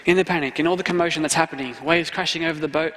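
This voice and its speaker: A student pastor preaching a sermon in an earnest way, repeating key phrases for emphasis. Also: male voice, on the high side, fairly even intonation, very fast, a bit bright. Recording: long hall reverb.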